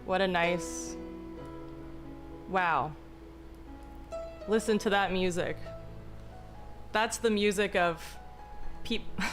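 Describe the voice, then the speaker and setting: A young woman streaming, speaking in a slow, deliberately calm, mock-soothing way with a touch of vocal fry, joking with chat. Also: on the low side. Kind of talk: casual live-stream chat. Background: faint background music.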